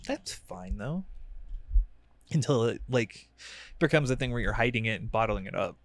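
A man chatting on a podcast with a sardonic, self-deprecating bite and a habit of cursing. His pitch moves a lot as he talks. The sound is close and dry, with no room in it. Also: animated, moderate pace, no room sound. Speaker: podcast co-host. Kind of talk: casual chat.

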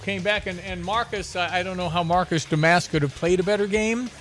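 A man with a high voice talks sports on a radio show, casual and chatty, often restarting his sentences mid-thought. Faint music plays underneath. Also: steady tone, a little fast, a bit bright.

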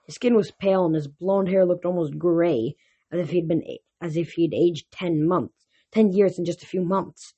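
A reader narrating a fantasy novel in first person, in the manner of a home audiobook. The reader stumbles now and then and restarts words, but keeps a steady storytelling voice. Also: mid-range voice, moderate pace, slightly rough, muffled recording.

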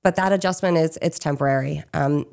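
A woman from Pennsylvania who runs a small business talks through an interview in a loose, conversational way. She fills her pauses with "um" and "you know" as she goes. Her voice sits very low for a woman. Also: creaky, a little mellow. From Chester County, Pennsylvania. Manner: chatty, frequent "um" and "you know". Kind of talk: casual interview answers.

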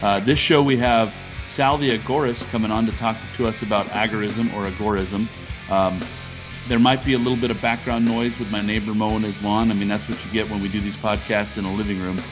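A man's voice: fairly low pitch, steady tone, quick pace, over music. A man hosting a podcast from his living room, chatting casually in loose, rambling sentences. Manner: rambling, talks in loose restarts. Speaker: podcast host.

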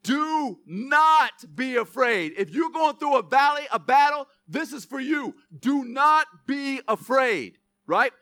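A young man preaching a sermon as pastor, swinging between loud, emphatic preaching and self-mocking jokes. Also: very high voice, lively intonation, a little slow, hardly any pauses, no echo, clean studio sound.

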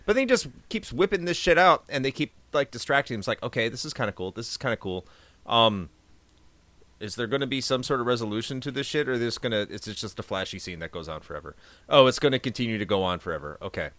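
A man's voice: medium pitch, expressive, quick pace, fairly bright tone, no room sound. A man guesting on a podcast, sarcastically and crudely ranting about a movie in casual chat.

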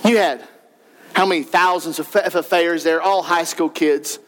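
A male pastor preaching a sermon, talking fast and emphatically and building to shouts. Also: fairly high pitch, steady tone, slight background noise.

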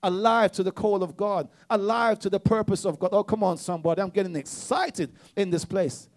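A man's voice: high voice, brisk. A man preaching a sermon with call-and-response exhortations, often restarting his words in repetitive bursts.

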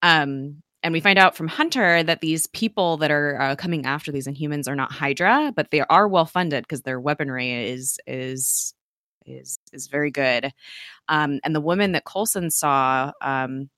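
A woman's voice: deep voice, normal speed, a bit bright, dry recording, clean studio sound. A young woman co-hosting a podcast, recapping a TV episode in a chatty way, full of fillers, playful quotes and laughing asides. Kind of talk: casual chat.

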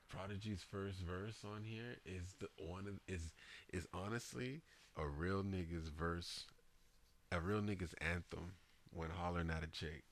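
Host type, very low voice, relaxed slangy chatter about records. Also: male voice, a little hiss or hum. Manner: laid-back, slangy, hesitant fillers. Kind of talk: casual music chat.

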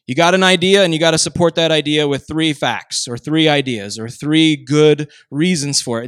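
Animated Midwestern pastor, dry sound. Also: male voice, on the high side, smooth, no echo. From Minnesota. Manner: animated storytelling, rhetorical "right?" asides. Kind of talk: sermon.

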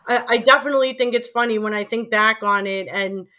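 A middle-aged woman with a strong Queens accent tells stories in a relaxed interview. Her voice is bright and forceful, sitting a little higher than most. She talks chattily, with plenty of fillers and easy laughter. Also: a little fast. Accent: Queens New York. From Queens, New York. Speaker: guest, former college radio DJ. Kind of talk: casual reminiscing interview.

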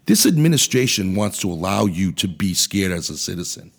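A man's voice: sits low, big pitch swings, brisk, creaky, breathy edge. A man hosting a podcast, delivering an angry, profane political rant in a blunt way. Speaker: podcast host. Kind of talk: ranting political commentary.

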